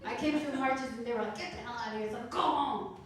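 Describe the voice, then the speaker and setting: A woman's voice: a little high, fast, slight background noise. Woman doing stand-up in an echoey club. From Canada. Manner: laughing at own jokes, playful. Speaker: stand-up comedian. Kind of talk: stand-up comedy set. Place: comedy club stage. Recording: roomy club sound from a distance.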